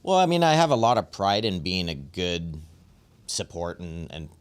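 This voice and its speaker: A man's voice: low-pitched, very animated, normal speed, clean tone. A man in his forties hosting a podcast, talking in a laid-back way, swearing freely and calling his friend man and bro. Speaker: podcast host. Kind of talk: casual chat.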